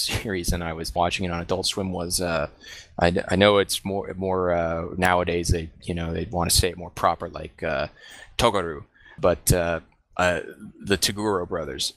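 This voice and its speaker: A man with a very low voice hosts a casual podcast chat. He talks in a relaxed way, with lots of fillers and easy laughs between thoughts. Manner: laid-back, many fillers, laughs while talking. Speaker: podcast host.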